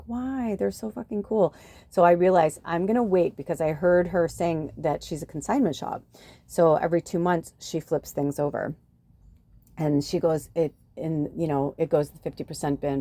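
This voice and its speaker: A woman's voice: sits low, mellow. A middle-aged woman hosting a podcast, chatting casually, swearing freely and acting out what people said. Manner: chatty, swears often, acts out quotes. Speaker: podcast host. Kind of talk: casual chat.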